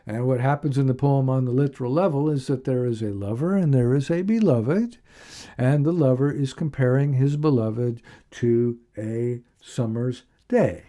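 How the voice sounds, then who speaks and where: A man's voice: mid-range voice, warm tone. A man giving a recorded literature lecture, reading a poem aloud and then explaining it with frequent ums and uhs. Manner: slow, measured reading with frequent fillers.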